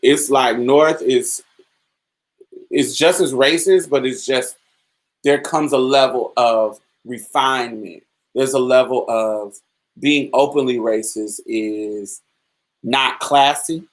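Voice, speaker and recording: A podcast host speaking in a casual, loose monologue, telling personal stories in a candid, colloquial way. The voice sits at an ordinary middle pitch, and the delivery comes across as relaxed and off the cuff. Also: takes it slowly, low-quality recording.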